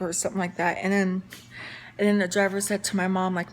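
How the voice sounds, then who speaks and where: A woman's voice: medium pitch, flat delivery, brisk, slight background noise. A young woman telling a casual story-time vlog, chatty with lots of fillers and restarts. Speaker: vlogger.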